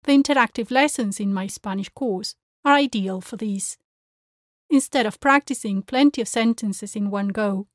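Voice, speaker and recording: Clear, careful woman language teacher. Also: fairly high pitch, dry recording, studio quality. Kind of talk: pronunciation lesson.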